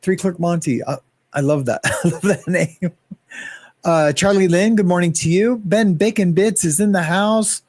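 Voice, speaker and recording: A man chatting loosely on his own livestream, greeting viewers one by one as he rambles between topics. His voice sits on the higher side, and the sound is dry and close with little room echo. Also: normal speed, darkish tone. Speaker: livestream host. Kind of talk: casual livestream chat.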